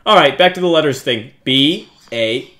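A young man giving jokey, self-mocking let's-play commentary on a horror game, yelping and shouting at the scares. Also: a little high, lively intonation, moderate pace. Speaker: gaming YouTuber.

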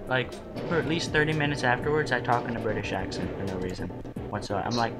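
A man co-hosting a let's play, talking in a loose, rambling way and often stopping to restart his sentences. His voice sits at an ordinary middle pitch. Loud game music plays under his chat. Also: lively intonation. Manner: rambling, halting, many restarts and fillers. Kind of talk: casual gaming commentary.

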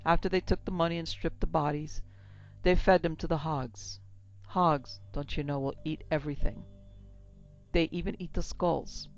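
A cold, menacing outlaw soldier, played by a female narrator. He speaks low and quietly, with a gravelly texture. Dull lo-fi sound with faint music. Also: fairly even intonation, normal speed.

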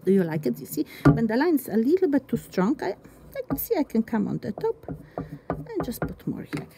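A woman's voice: fairly high pitch, huge pitch swings, fairly quick, creaky, heavy background noise. A woman art teacher giving a chatty, encouraging step-by-step drawing demonstration, thinking aloud as she works.

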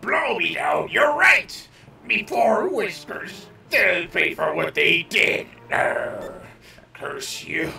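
A man voicing a blustering old pirate captain, growling his lines in gruff pirate talk. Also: high voice, expressive, slow, sharp tone, echoey room, raised voice, distant mic, soft background music, pitched below the performer's own voice, heavily acted.

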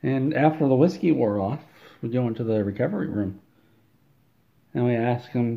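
A man telling an absurd comedic story in a deadpan, rambling way, often repeating words. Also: mid-range voice, normal speed, creaky, muffled recording.

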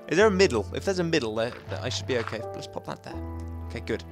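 With soft music behind him, a man in a mid-range voice hosts a let's play, talking fast with big pitch swings. He rambles to himself and the viewers, going from loud bursts to low muttering.

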